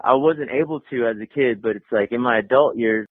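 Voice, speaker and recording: A man's voice: medium pitch, a little fast, slightly rough, no echo. A man in his thirties, a guest telling stories in casual chat, talking in a loose, rambling way full of fillers. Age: 30s. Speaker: interview guest, artist. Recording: tinny phone-like line, dry.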